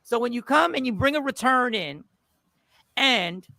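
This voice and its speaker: A man's voice: very high-pitched, measured pace, gravelly, no room sound, clean studio sound. A comedian hosting a casual live stream, greeting his viewers in slang and acting out both sides of a customer argument. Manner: animated, acts out both sides of customer exchanges.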